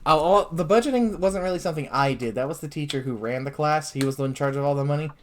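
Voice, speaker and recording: A man's voice: on the high side, fast. A man streaming a dating game, chatting casually and goofily reading the game text aloud. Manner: goofy, animated, reads dialogue aloud.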